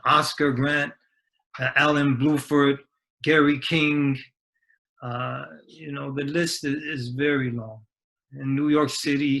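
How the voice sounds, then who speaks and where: A man, an imam, gives a grave, measured talk at a community healing circle, pausing often with "uh" fillers. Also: mid-range voice, a bit bright, rough recording. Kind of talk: reflective talk.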